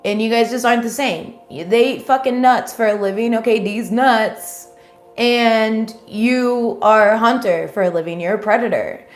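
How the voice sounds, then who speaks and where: A woman's voice: on the high side, normal speed, soft background music. A woman giving a casual livestream tarot reading, rambling and swearing freely with many ums. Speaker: tarot reader. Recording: roomy echo.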